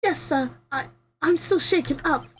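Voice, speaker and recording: A woman voicing a timid young female witness in a game, reading her lines in a halting, shaken way. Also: high-pitched, a bit bright, faint music behind, voice pushed up.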